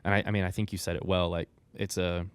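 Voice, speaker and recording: Deep voiced guy, slow and thoughtful, smooth clear sound on a podcast mic. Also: flat delivery, no room sound. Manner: thoughtful, halting, reflective. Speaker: podcast co-host. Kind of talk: casual reflective chat.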